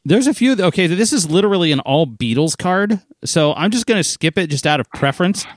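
Lively laughing man quizzing a friend. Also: sits high, brisk, dry recording, studio quality. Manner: animated, laughs often. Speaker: trivia co-host. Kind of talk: casual trivia chat.

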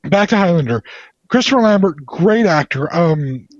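A man's voice: fairly high pitch, lively intonation, normal speed, dry recording. A man chatting casually about movies, enthusiastic and rambling, with playful teasing. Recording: slightly dull lo-fi sound.

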